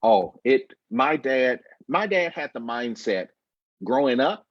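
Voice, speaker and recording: A husky man in his fifties tells a personal story as a guest, slow and emphatic. His voice comes through a dry, dull video-call line with little room sound. He speaks in a measured, reflective way. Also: mid-range voice, sing-song, no echo.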